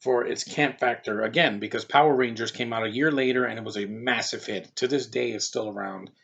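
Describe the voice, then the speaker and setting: A man's voice: medium pitch, brisk, creaky, a bit bright, breathy edge. A man in his thirties giving a rambling, casual movie review, jumping from one aside to the next. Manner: rambling, digressive. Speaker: film reviewer. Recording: dull lo-fi recording.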